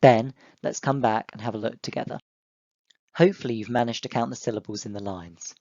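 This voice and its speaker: A young male teacher giving an online lesson to children, explaining step by step in a clear, encouraging way. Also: medium pitch, fairly quick, a little mellow, no echo, dull audio. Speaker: primary school teacher.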